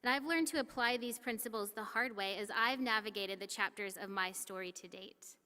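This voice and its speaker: A woman delivering a formal commencement speech in an earnest, measured way. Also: medium pitch, sharp tone. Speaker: commencement speaker. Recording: long reverb of a large hall.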